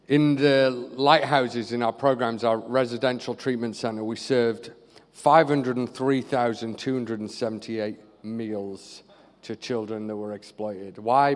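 A man from northeast England with a northeast English accent, preaching a lively, joking sermon. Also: medium pitch. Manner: lively, joking, animated storytelling. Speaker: pastor and charity leader. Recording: reverberant hall.

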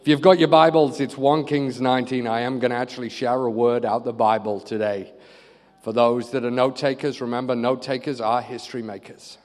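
A man from northeast England with a northeast English accent, preaching a lively, joking sermon. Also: mid-range voice, fairly quick. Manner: lively, joking, animated storytelling. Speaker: pastor and charity leader. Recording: reverberant hall.

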